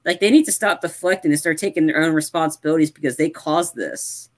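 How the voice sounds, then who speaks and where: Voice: mid-range voice, fast talker. Ranting movie podcast co-host. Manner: animated ranting with frequent "like" fillers. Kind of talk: casual movie review chat.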